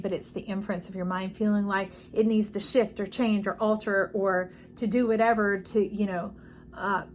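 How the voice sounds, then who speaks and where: A woman giving a tarot reading in a loose, chatty way, talking straight to the listener and wandering off into stories. Her voice sits at a middle pitch, with a faint hiss of noise under it. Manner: chatty, warm-hearted, digressive storytelling with animated quoted voices; addresses listener directly as y'all and love. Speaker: intuitive tarot reader. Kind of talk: casual spiritual tarot reading.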